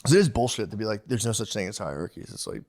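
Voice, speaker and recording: A man's voice: fairly low pitch, lively intonation, very fast, darkish tone, slight background noise. A man co-hosting a podcast in casual chat, rambling and profane, laughing often and slipping into mocking voices for quotes. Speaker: podcast co-host.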